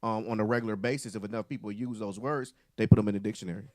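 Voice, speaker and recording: A man co-hosting a casual podcast, slangy, with stammered starts. He talks quickly. The sound is dry and close. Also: on the low side, steady tone, a little mellow, no room sound.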